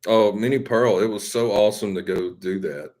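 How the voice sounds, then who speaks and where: A Southern man with a deep, low voice chats loosely with his viewers. He rambles and jokes at his own expense in an easygoing, folksy way. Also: moderate pace, a little mellow. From Mississippi. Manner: rambling, folksy, self-deprecating. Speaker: live stream host. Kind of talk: casual chat with viewers.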